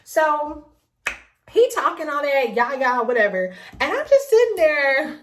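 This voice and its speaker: A young adult woman telling a dating story in a vlog, sassy and animated, with laughing asides. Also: sits high, unhurried, slight background noise. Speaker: vlogger.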